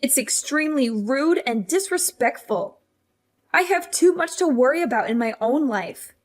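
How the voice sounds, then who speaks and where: A woman's voice: high voice, lively intonation, moderate pace. A woman voicing a self-righteous older sister, a married mother, who nags and lectures in a scripted story drama. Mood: lecturing. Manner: nagging, lecturing.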